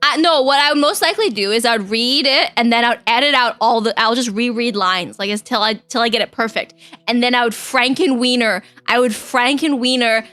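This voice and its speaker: High, bright giggly streamer woman. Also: fairly quick, dry recording, soft background music. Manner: chatty, giggly, talks straight to chat. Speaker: vtuber streamer. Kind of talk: casual live-stream chat.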